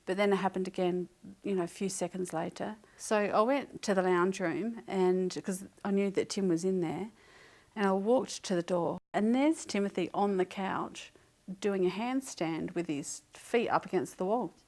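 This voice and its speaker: A woman's voice: mid-range voice, normal speed, darkish tone. A woman, a mother telling a personal story in an interview, speaking in a conversational, earnest way with some hesitations.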